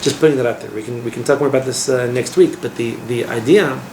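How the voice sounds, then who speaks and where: Gravelly-voiced rabbi teaching a class. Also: male voice, medium pitch, fast talker. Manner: lively, asks the class questions, mixes in Hebrew terms. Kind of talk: informal Torah class. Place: classroom with a small group. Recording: echoey room with background noise.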